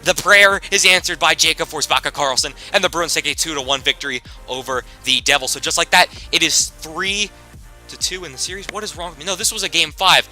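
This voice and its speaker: Young male gaming commentator, high and piercingly bright, excitable play-by-play, faint music underneath. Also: fairly quick. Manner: excitable, swings from mutter to shouting. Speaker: gaming YouTuber. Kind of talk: excited play-by-play commentary over a sports game.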